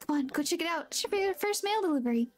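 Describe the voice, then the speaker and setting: A woman's voice: very high-pitched, lively intonation, fast talker, faint music behind. A woman reading as an eager young courier boy. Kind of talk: reading game dialogue aloud.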